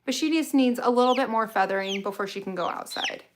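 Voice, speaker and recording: A woman's voice: fairly high pitch, quick pace, slight background noise. A woman who keeps a flock of poultry, chatting casually and explaining things in a matter-of-fact way. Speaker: backyard poultry keeper. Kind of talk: casual chat while tending birds.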